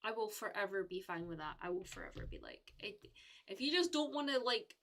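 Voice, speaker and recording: A woman's voice: medium pitch, very animated, brisk, fairly bright tone. A young woman from the UK chatting casually with viewers on a live stream, rambling with lots of fillers and restarts.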